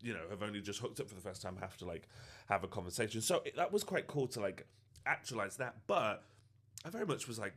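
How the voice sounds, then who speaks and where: A man's voice: lowish voice, big pitch swings, fast talker, a bit bright. A man, a social media creator, telling a personal story in an earnest, reflective way. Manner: earnest and reflective, with frequent fillers. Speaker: TikTok creator.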